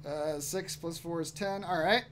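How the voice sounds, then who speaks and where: A man's voice: fairly high pitch, a little slow, noisy background. A man running a tabletop game online as game master, loose and chuckling, with many ums.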